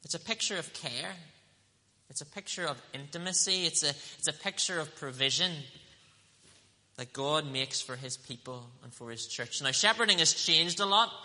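Male preacher, higher voice, very bright and forceful, earnest, reverberant church hall. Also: lively intonation. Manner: earnest, emphatic, slows down on scripture quotes. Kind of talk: sermon.

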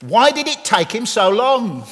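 A man voicing an eager little boy who asks blunt questions in a loud voice. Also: extremely high pitch, sing-song, a little slow, pitched above the performer's own voice, heavily acted. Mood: curious. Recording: reverberant hall.

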